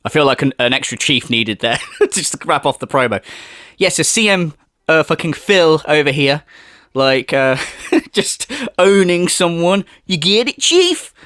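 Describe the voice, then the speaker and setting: A man streaming and ranting sarcastically, with plenty of swearing. His fairly high voice moves around animatedly in pitch. The sound is dry and close. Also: very animated, measured pace, a bit bright, no room sound. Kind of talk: livestream commentary.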